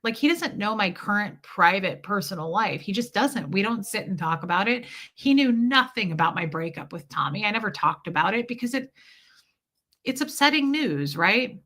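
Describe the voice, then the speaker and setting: Bright-voiced woman telling a candid story. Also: medium pitch, animated, moderate pace. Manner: candid, rambling retelling of a conversation. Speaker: vlogger. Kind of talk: casual storytelling to viewers.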